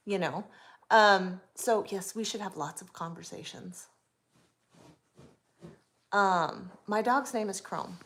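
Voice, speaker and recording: A woman's voice: mid-range voice, takes it slowly, long pauses, a bit bright. Chatty woman in her forties. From US West Coast. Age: 40s. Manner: chatty, reads and answers viewer comments. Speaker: livestream host. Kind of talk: casual livestream chat.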